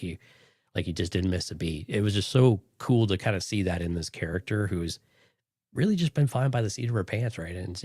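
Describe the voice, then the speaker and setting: A man's voice: deep voice, a little mellow, dry recording, studio quality. A man co-hosting a podcast in casual chat, rambling and enthusiastic, with lots of "like.". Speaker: podcast co-host.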